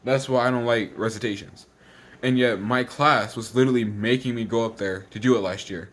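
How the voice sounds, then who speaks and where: A teenage boy ranting in a casual vlog, exasperated and repetitive, rushing his words and sounding slightly out of breath. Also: medium pitch, fairly even intonation. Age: teens. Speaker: vlogger.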